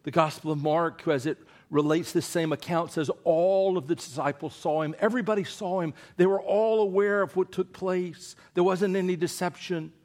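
A middle-aged man preaching a sermon, telling stories with big swings from loud to hushed. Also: high-pitched, steady tone, moderate pace, hardly any pauses.

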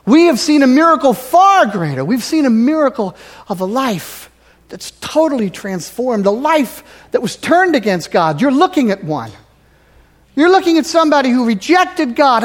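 A high-voiced male pastor preaching in a church sanctuary. He is emphatic, rising to loud exhortation and then dropping to hushed near-whispers. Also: big pitch swings, normal speed. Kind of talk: sermon.

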